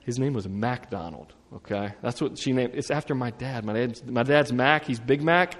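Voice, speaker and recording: A male pastor preaching in a relaxed, conversational style, mixing scripture with humorous asides. His voice sits in the middle range and carries a long reverberant tail, as if spoken into a large hall. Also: medium pitch, normal speed. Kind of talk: sermon.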